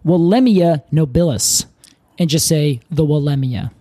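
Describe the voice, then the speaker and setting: A man's voice: high-pitched, lively intonation, normal speed, dark tone, dry recording. Chatty laughing male podcast co-host. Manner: chatty, laughs often, explains at length. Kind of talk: casual chat.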